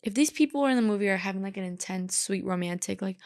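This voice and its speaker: A young woman hosting a solo podcast, ranting in a sassy, animated way with lots of filler "like". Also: mid-range voice, fast talker, hardly any pauses. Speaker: podcast host.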